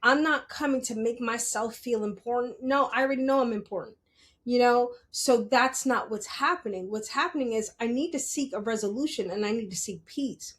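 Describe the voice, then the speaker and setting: Woman podcaster, slightly high voice, animated storyteller who swears and acts out her reactions. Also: normal speed. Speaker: podcast host. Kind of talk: casual personal storytelling.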